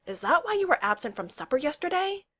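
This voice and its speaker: A woman's voice: lowish voice, animated, normal speed. A woman doing a careful, tactful young man.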